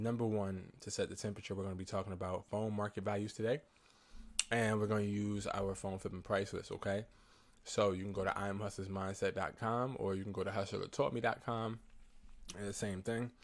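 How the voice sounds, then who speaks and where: Sick man coaching phone flipping. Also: low voice. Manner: talks slowly and quietly, grows louder and heated. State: sick, trying not to cough. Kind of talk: casual talk to camera.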